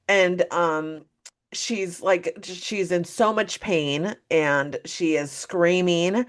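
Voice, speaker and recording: A woman co-hosting a casual pop culture podcast, gushing and animated, swearing freely as she tells a story. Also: lowish voice. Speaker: podcast co-host.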